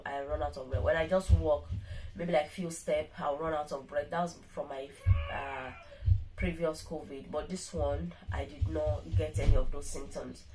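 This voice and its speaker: A woman's voice: deep voice, mellow, rough recording. A middle-aged woman talking casually to her viewers while weak and tired from illness, rambling and restarting her sentences often. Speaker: vlogger. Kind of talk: casual vlog monologue.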